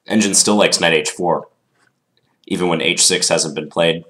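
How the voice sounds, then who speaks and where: A man's voice: sits low, fairly even intonation, moderate pace, pushed and bright. A man with a stuffed-up voice from a cold, casually thinking aloud through a chess game and hedging with filler words. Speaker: chess commentator.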